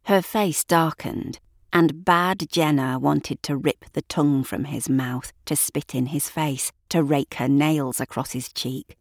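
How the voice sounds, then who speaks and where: A woman narrating a dark story in a measured, deliberate way. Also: low voice, fairly even intonation, no echo, clean studio sound. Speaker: audiobook narrator. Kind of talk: scripted narration.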